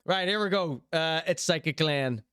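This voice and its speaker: A man's voice: fairly high pitch, normal speed, pushed and bright, clear, resonant tone, dry recording. A man hosting a show, commenting on clips casually and enthusiastically, often repeating himself. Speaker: show host.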